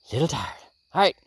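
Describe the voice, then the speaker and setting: Filmed on a handheld phone with no room sound, a gardening vlogger with a mid-range voice chats casually to camera while working outside in a garden and hoop tunnel. They think out loud, with plenty of ums.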